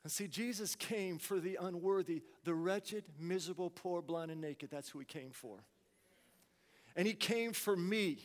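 A man preaches from the pulpit, his voice sitting high for a man. He drops to near-murmurs and then swells into loud, pleading cries. The sound rings out with a long reverb, as in a large church hall. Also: measured pace. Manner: preaching with swings from hushed to shouted. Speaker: pastor. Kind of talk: sermon.

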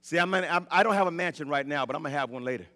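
A middle-aged man preaching a sermon with passion, swinging between shouts and hushed tones, often stumbling and restarting his words. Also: fairly high pitch, very fast. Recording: long church hall reverb.

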